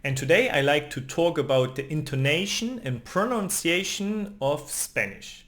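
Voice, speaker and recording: A man walks through a beginner language lesson step by step. His voice sits a little high and swings widely in pitch, and he keeps checking in with a questioning "no?". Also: lively intonation, unhurried, fairly bright tone. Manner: explains patiently, often ends lines with a questioning "no?". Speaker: language teacher.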